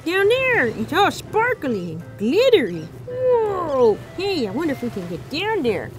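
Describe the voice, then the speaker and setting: A cheerful little gator pirate, voiced by a woman squeaks and whoops through a kids' play adventure. The voice sits extremely high and swoops around, and the lines come at an easy, unhurried pace. Bright music runs under it all. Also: exaggerated voice. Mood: amazed. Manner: excitable, lots of whoas and squeals. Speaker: show's title character. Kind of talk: kids' pretend-play video voice. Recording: music playing behind.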